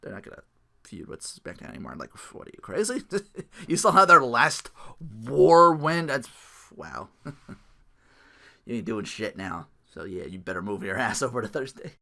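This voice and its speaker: A man's voice: mid-range voice, big pitch swings, moderate pace, creaky, sharp tone. A young man hosting a casual solo podcast, rambling, swearing freely and often breaking into laughter. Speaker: podcast host.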